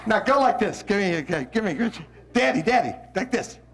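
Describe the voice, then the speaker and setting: A man from New Orleans, a visiting poet, coaching children and parents to recite with expression, coaxing them along and breaking into shouted lines. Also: high voice, sing-song, a little fast. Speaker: visiting poet leading a school workshop. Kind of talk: lively workshop with children and parents.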